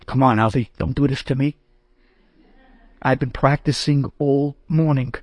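A rabbi telling a humorous anecdote, animated and acting out the voices of the people in it. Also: male voice, medium pitch, unhurried, long pauses, dry recording. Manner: animated, acts out the voices of the people in his story. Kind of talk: humorous anecdote told to an audience.

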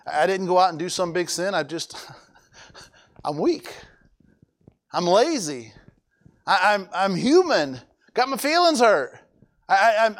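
A high-pitched man delivers a conversational sermon, often stumbling over repeated words and putting questions to the congregation.

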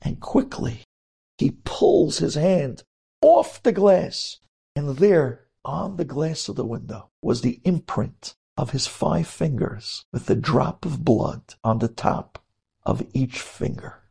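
A man, a rabbi, telling a dramatic story, swinging between hushed moments and emphatic ones. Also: a little high, takes it slowly, vocal fry, breathy edge.

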